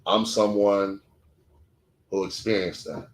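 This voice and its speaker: Male podcast co-host, low register, candid and profane, clipped emotional storytelling, roomy echo. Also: flat delivery, slow. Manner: blunt, profane and emotional, short clipped sentences. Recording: echoey room.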